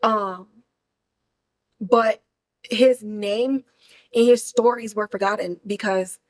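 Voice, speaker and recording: A woman hosting a podcast, recapping a film in animated, slangy, casual chat. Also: mid-range voice, slow, long pauses, poor audio. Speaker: podcast host reviewing a film.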